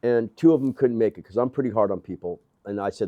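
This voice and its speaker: An older man, a gym owner, telling animated stories in casual conversation with quoted dialogue and blunt, profane language. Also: on the low side, quick pace, muffled recording. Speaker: gym owner, interview guest. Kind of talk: casual storytelling. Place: gym office.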